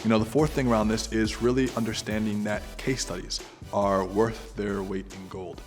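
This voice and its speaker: Low-voiced man giving direct advice. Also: normal speed, long reverb tail, over music. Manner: direct, conversational, animated. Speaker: entrepreneur guest giving advice. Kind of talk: advice talk to camera.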